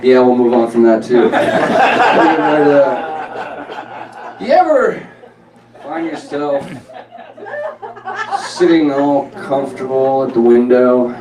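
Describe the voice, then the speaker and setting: A middle-aged man doing a stand-up set, animated and jokey, with quick asides to the audience. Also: medium pitch. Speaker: stand-up comedian. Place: comedy club stage. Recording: echoey club, distant mic, crowd.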